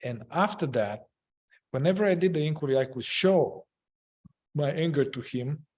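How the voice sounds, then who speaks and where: A man's voice: a little high, lively intonation, a little mellow. Man explaining a therapy method. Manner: halting, searching for words, repeats phrases. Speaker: group facilitator.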